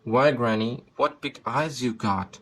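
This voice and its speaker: A man's voice: mid-range voice, measured pace, fairly bright tone. A man doing a nervous little girl. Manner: nervous, pleading. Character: frightened little girl in a red hood.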